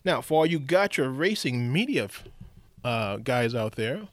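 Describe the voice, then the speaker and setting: A man's voice: mid-range voice, big pitch swings, measured pace, dry recording. A man hosting a live radio talk show, rambling with showman flair, restarts and chuckles. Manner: loose, rambling, laughs and restarts often.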